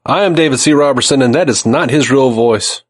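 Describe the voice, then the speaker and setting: A man co-hosting a podcast in casual chat, cracking jokes and telling quick stories. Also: mid-range voice. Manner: joking, animated storyteller. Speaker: podcast co-host.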